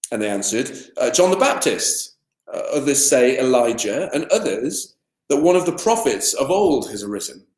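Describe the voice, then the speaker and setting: A man preaching a sermon as assistant minister, in a conversational style full of fillers and lively asides. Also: medium pitch. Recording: echoey room.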